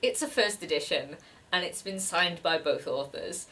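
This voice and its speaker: Bright-voiced chatty woman book vlogger. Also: fairly low pitch, expressive, moderate pace. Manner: chatty, giggly, gushing. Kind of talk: casual chat.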